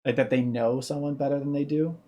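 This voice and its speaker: A streamer with a warm, mellow tone talks through reaction commentary in a casual, unscripted way. The voice sits at an ordinary pitch and wanders from thought to thought, stopping to explain things. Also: steady tone, a little fast. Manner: thinking aloud, musing, explaining at length.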